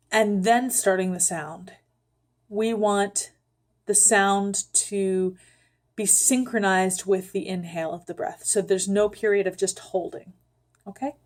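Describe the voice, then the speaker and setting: A woman giving a calm, unhurried voice lesson, guiding the listener step by step with frequent ums. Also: medium pitch. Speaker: voice teacher. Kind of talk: vocal instruction with sung demonstrations.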